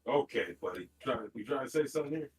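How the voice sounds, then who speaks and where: A man's voice: medium pitch, fast talker. A man streaming a game and chatting casually with friends, teasing and swearing a lot. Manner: profane, teasing, animated. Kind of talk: casual gaming chat with friends.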